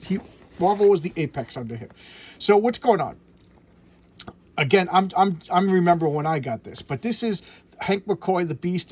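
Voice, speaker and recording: A comic book reviewer in middle age speaks in a slightly high, husky, somewhat mellow voice while leafing through an old comic. His casual chat is eager and gushing, punctuated by stammers and repeated words.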